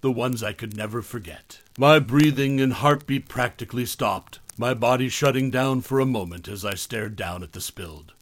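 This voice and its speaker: A man telling a first-person horror story in a measured, dramatic storytelling manner, as the show's narrator. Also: medium pitch, dry recording.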